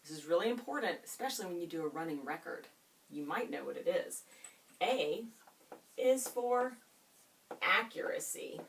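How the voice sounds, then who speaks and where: Expressive woman teacher, a little off-mic. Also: fairly low pitch, distant mic. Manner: expressive, drawn-out teacherly delivery with questions to students. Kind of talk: classroom reading lesson. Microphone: camera set up in the room.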